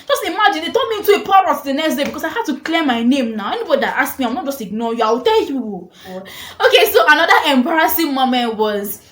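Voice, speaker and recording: A young woman telling a storytime vlog, animated and dramatic, laughing often. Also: sits high, fast talker, few pauses. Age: young adult. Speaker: vlogger. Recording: echoey room with faint noise.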